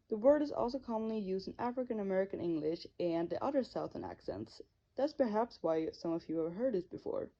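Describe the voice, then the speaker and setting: A woman's voice: lowish voice, warm tone. A young woman reading a school presentation in an earnest, careful way. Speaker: student presenter. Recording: dull lo-fi recording.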